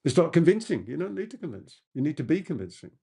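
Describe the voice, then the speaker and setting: Gravelly, emphatic man coaching. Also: a little high, big pitch swings, quick pace, warm tone. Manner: emphatic, repeats key points for effect. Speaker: business coach answering audience questions. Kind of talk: masterclass Q&A talk.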